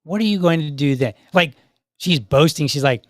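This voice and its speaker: A man's voice: a little high, animated, normal speed, no echo. Sarcastic male podcast host, dry sound. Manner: sarcastic, argumentative, acts out imagined dialogue. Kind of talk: opinionated commentary on clips.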